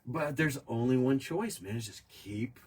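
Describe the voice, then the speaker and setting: A man's voice: mid-range voice, expressive, measured pace, darkish tone, breathy edge. A man in his fifties talking casually on a podcast, telling rambling, reflective stories. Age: 50s. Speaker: podcast host. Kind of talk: casual conversation.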